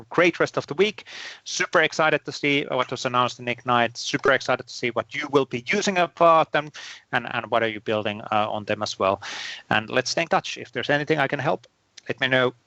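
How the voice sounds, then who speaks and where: Fast-talking man hosting a community call. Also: medium pitch, sharp tone, no echo. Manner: rapid, full of fillers and repeated words. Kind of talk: live online community call recap. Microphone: computer microphone on a video call.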